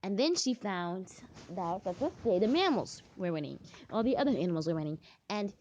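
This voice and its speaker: A woman's voice: medium pitch, big pitch swings, brisk, darkish tone, dull audio, slight background noise. A young woman chatting casually while she plays a game, singing made-up songs and breaking into sudden frustrated squeals. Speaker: gaming vlogger.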